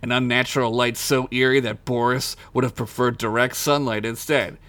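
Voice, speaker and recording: A man's voice: medium pitch, little pitch movement, moderate pace, a bit bright, dry recording. Man reading a crude comic story. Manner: crude jokey reading, breaks into laughter. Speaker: podcast co-host reading his own comic story.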